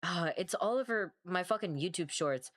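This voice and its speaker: A woman's voice: on the low side, lively intonation, moderate pace, a bit bright. A woman streaming while she draws, chatting casually in a rambling, self-mocking way, swearing freely and sounding tired. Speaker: artist streamer. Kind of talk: casual livestream chat while drawing.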